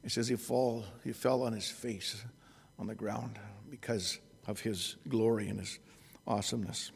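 A man preaching an expository sermon at an unhurried pace, often restarting and correcting himself. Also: lowish voice, fairly even intonation, creaky, breathy edge, long reverb tail.

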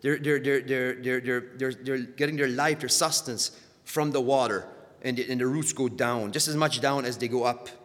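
A man preaching a sermon with a middle-pitched voice. He trips over repeated words as he builds, pushing harder on the lines he wants to land. The sound rings with a long reverb, as in a large hall. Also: steady tone, normal speed. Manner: repeats words when stirred, surges louder on key points.

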